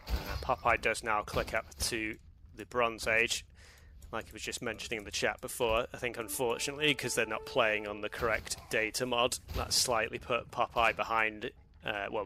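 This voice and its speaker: A man's voice: lowish voice, flat delivery, normal speed, bright, forceful tone, a little hiss or hum. A man doing casual live commentary on a strategy game match, rambling loosely and laughing often. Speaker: esports commentator.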